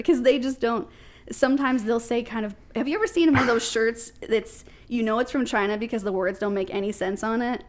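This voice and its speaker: A woman from Ohio with a Midwestern American accent, a podcast guest chatting and telling stories, laughing often. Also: mid-range voice. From Ohio, USA. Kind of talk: casual chat.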